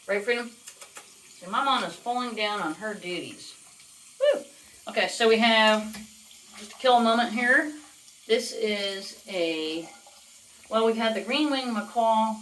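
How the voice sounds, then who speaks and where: A woman filming a casual home vlog in her bathroom, coaxing her parrot in high sing-song baby talk between chatty asides. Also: a little slow, pauses often, fairly bright tone, a little hiss or hum. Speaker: vlogger, parrot owner. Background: faint running tap water.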